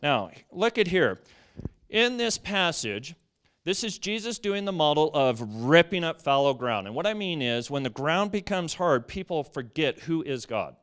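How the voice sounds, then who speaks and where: A man preaching a sermon to a church congregation, reading scripture aloud and explaining it in an animated way. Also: on the high side, measured pace.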